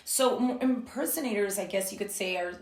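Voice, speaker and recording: Animated woman telling stories, roomy echo. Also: a little fast. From Las Vegas, USA. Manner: animated, acts out quoted voices with big pitch jumps. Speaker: guest, tribute artist. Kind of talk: casual interview storytelling.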